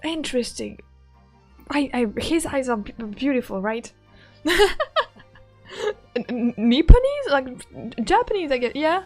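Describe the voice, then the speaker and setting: A young woman streaming a game, reacting with excited, giggly commentary and quick outbursts. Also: sits high, soft background music.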